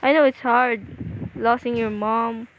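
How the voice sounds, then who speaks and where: A woman's voice: fairly high pitch, slow pace, slight background noise, low-quality recording. A young woman with a Filipino accent giving rambling, casual game commentary, often repeating and restarting phrases. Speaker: gaming video creator.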